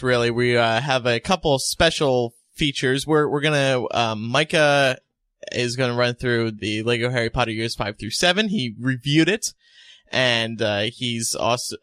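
A man's voice: mid-range voice, fairly bright tone, no room sound. A man hosting a casual podcast, chatting with co-hosts and often trailing off into fillers and restarts. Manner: rambling, halting with fillers. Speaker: podcast host.

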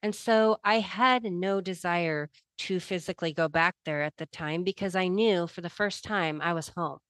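A woman's voice: on the low side, normal speed, fairly bright tone, dry recording. Middle-aged woman telling her story, earnest and emotional, dry close sound. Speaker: guest telling a near-death experience. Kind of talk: personal testimony.

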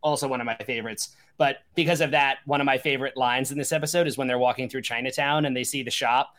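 A man's voice: mid-range voice, fairly even intonation, fast, fairly bright tone. A man from Long Island with a faint Long Island accent, chatting casually on a podcast and rambling through restarts and fillers. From Long Island, New York. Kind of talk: casual chat.

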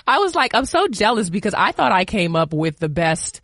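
A woman's voice: medium pitch, sing-song, moderate pace, fairly bright tone, no room sound, clean studio sound. A woman hosting a podcast, chatting playfully with a guest and laughing easily. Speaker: podcast host. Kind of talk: casual chat, interviewing a guest.

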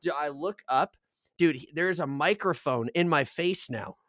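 A man's voice: a little high, measured pace, dry recording. A young man from Arizona co-hosting a podcast, telling a long story in casual, swear-filled chat and acting out the voices of the people in it. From Arizona, United States. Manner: animated, swears a lot, acts out voices in his stories. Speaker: podcast co-host.

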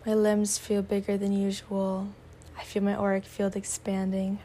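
A woman guiding a meditation, speaking slowly and softly, often slipping into a whisper. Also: mid-range voice, completely flat delivery, a little hiss or hum. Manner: slow, soft-spoken, drifting into whispers; warm spiritual affirmations. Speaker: meditation guide. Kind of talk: guided meditation.

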